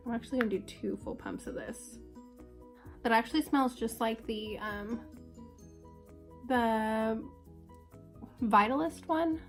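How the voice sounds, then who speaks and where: A young woman with a congested, sick voice chatting casually and upbeat through a makeup tutorial. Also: on the high side. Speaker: beauty vlogger.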